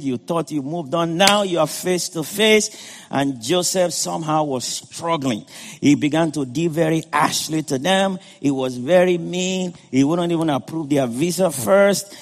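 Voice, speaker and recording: Man preaching a sermon in a hall. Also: on the high side. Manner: retells scripture in a conversational way, with frequent "you know". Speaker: pastor.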